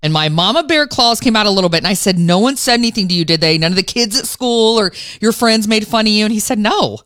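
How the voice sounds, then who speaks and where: A woman radio host telling a personal story in an animated, self-mocking way. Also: medium pitch, quick pace.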